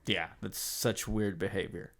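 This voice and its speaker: A man's voice: low voice, unhurried, vocal fry. A man co-hosting a podcast in casual chat, mostly giving short replies and getting worked up at times. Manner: relaxed listener, short backchannels, gets worked up. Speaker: podcast co-host.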